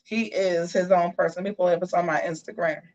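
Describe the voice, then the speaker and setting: A woman hosting a casual live show. She tells a story in a sassy, animated way and keeps calling her viewers y'all. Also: lowish voice, brisk, highs cut off. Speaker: host of a live gossip and commentary show.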